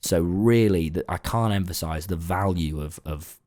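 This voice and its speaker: A man's voice: low voice, normal speed, warm tone, no room sound. A young man chatting casually in a late-night vlog, rambling and laid-back and swearing now and then. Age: young adult. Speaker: online content creator.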